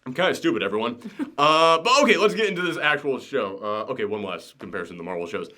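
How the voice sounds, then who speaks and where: A man hosting a casual review chat, animated and ranting, swearing and laughing as he goes. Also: mid-range voice, fast talker. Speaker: podcast co-host reviewing a TV show.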